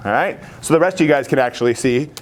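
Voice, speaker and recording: A man teaching economics to a high school class in an energetic, enthusiastic, joking way. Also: fast talker.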